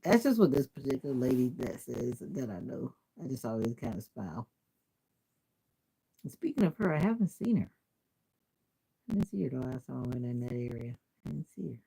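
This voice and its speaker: A woman's voice: very deep voice, very animated, brisk, gravelly, long pauses, mellow, breathy edge, low-quality recording. A woman from Jamaica chatting casually on a livestream, answering viewers' comments and laughing often. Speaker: livestream host. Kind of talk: casual live-stream chat.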